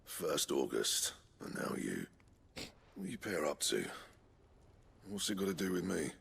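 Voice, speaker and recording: A gravelly, gruff old blacksmith. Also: male voice, very deep voice, very animated, a little slow, fairly bright tone, a little hiss or hum, exaggerated voice. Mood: irritable. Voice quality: gravelly, growling. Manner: blunt, grumbling, curses. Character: gruff proud older male blacksmith. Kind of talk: video game voice acting.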